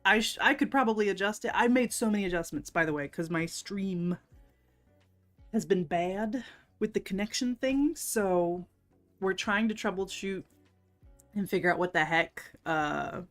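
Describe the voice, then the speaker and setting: A woman's voice: medium pitch, moderate pace. A woman hosting a casual livestream, chatty and giggly, greeting her chat by name. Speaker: livestream host. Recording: faint music underneath.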